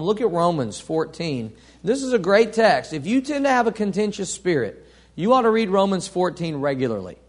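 A man preaching a sermon, reading scripture aloud and asking the congregation questions, swinging from soft to loud. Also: sits high. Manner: reads scripture aloud, asks the congregation call-and-response questions.

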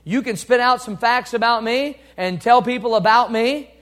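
A middle-aged man preaching a sermon, earnest, swinging between loud urging and quiet asides. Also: extremely high pitch, normal speed. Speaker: pastor.

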